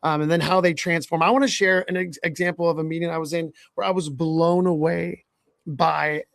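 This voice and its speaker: Gravelly earnest male leadership coach. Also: fairly high pitch, fairly even intonation, a little fast, fairly bright tone, dry recording, studio quality. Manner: earnest, advising, often asks "right?". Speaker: leadership coach and podcast host. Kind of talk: podcast conversation.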